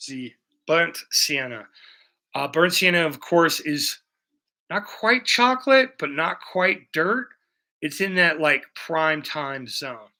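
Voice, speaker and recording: A man's voice: on the high side, pushed and bright. A young man live-streaming as he paints, chatting loosely and profanely with viewers while he explains his brushwork. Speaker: livestreaming painter.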